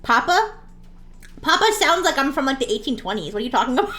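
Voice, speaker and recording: A woman's voice: high voice, very animated, fast talker, sharp tone. A woman streaming while she draws, chatting playfully with her viewers, giggling often and sometimes acting out a bratty daughter for laughs. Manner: acts out a bratty daughter in jest. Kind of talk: casual live-stream chat while drawing.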